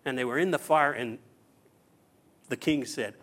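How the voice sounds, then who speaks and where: A middle-aged man preaching a sermon as pastor, telling stories with acted-out quotes and swinging between loud and hushed. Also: medium pitch, a little slow, long pauses.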